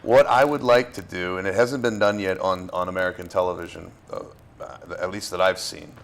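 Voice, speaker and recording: A man from Florida, an actor being interviewed, talking in a relaxed, halting way with fillers and restarts. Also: low voice. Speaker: actor guest. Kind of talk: casual interview talk.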